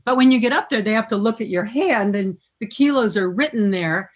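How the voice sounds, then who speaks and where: A woman in her seventies, a former morning TV host, telling lively anecdotes as a guest and laughing often. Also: medium pitch, fairly quick, highs cut off. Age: 70s. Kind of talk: storytelling interview chat.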